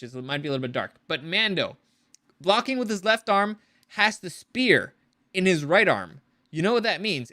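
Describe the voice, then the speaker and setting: Bright, dry-mic male reviewer, casual and rambling, profane. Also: on the high side, dry recording. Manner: rambling, profane, animated with frequent restarts. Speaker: show reviewer. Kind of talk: casual commentary.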